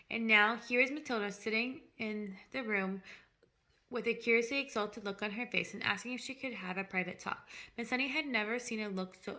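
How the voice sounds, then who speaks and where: A woman's voice: mid-range voice, pushed and bright. A woman reading a children's novel aloud chapter by chapter, adding her own explanatory asides. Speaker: storybook reader.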